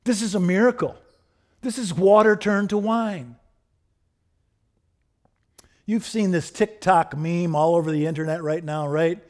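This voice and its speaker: A middle-aged man preaching a sermon, building to fervent repeated refrains and then dropping soft and low. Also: fairly even intonation, measured pace, long pauses. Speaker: pastor.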